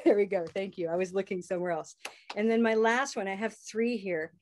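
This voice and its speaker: A woman's voice: medium pitch, fast talker, a little mellow, a little hiss or hum. A woman teaching English pronunciation in a live online class, upbeat and leading call-and-response chants over a video call.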